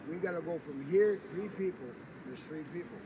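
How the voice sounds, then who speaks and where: A man's voice: sits high, a little fast. Rambling man on a noisy street. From Michigan. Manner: rambling, loud and joking. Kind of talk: casual street chat. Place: downtown street outdoors. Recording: loud street noise outdoors.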